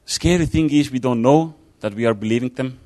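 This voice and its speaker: A man's voice: mid-range voice, fairly quick, dark tone. A man giving an informal sermon, talking it through casually with fillers and restarts. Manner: conversational, thinking aloud with fillers and restarts. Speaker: preacher.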